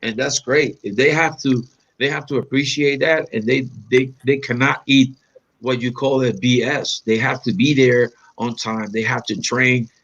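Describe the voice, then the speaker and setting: A man from Puerto Rico reminiscing in an interview, animated and acting out quoted lines with big pitch jumps. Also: moderate pace, dull audio. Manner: animated storyteller, acts out quotes with sharp pitch jumps, non-native phrasing. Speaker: interview guest, black belt.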